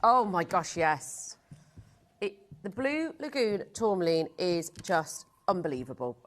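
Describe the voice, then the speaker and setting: A woman's voice: lowish voice, lively intonation, measured pace. A woman presenting jewellery on a live shopping channel, chatty and gushing as she sells. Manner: gushing, chatty sales patter.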